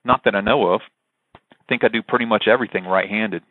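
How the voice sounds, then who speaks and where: Sardonic grumbler, read by a man: low, tinny, dry. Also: fairly even intonation, a little fast, no room sound, natural voice. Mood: wry. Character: wry, grumbling man under suspicion.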